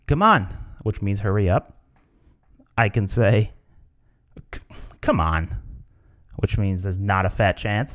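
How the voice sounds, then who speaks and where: A man hosting a podcast alone, rambling casually and acting out different tones of voice. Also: on the low side. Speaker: podcast host. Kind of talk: casual solo podcast talk.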